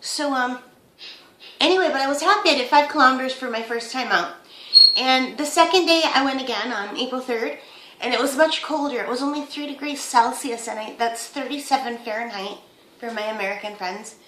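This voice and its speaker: A woman's voice: high-pitched, a little fast, fairly bright tone, reverberant, low-quality recording. A woman in her fifties chatting casually to camera at home as a vlogger, rambling through her week in an easy, talkative way. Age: 50s.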